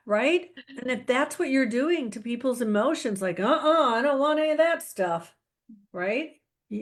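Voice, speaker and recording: A middle-aged woman hosting a casual chat, telling animated stories with laughs and teasing asides. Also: a little high. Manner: playful, animated storytelling with laughs. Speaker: podcast host.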